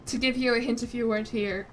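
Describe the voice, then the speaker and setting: Young woman, streamer chatting, rambly, faint game music behind. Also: a little high. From Chicago, United States. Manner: chatty, rambling, quick to laugh. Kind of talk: casual chat while streaming.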